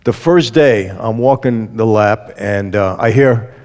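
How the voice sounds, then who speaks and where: Lively man telling a story in a reverberant room. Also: on the low side, unhurried. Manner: lively storyteller who acts out quoted dialogue. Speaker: interview guest. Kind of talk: storytelling testimony.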